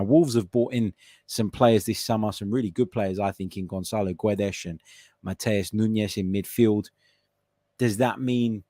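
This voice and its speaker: A man's voice: mid-range voice, darkish tone, dry recording, clean studio sound. A young man hosting a football podcast, talking alone in an earnest, argumentative way and asking rhetorical questions. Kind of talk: solo opinion talk.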